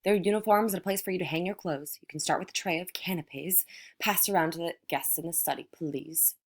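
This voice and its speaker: A woman voicing a poised, curt rich hostess who gives clipped, brisk commands. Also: on the low side, voice pushed up.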